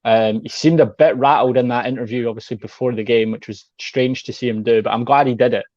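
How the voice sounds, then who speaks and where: A man's voice: mid-range voice, fairly even intonation, fast talker, a little mellow, no echo, dull audio. A man talking football as a guest, rambling and saying "like" a lot. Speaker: guest pundit. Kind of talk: casual chat.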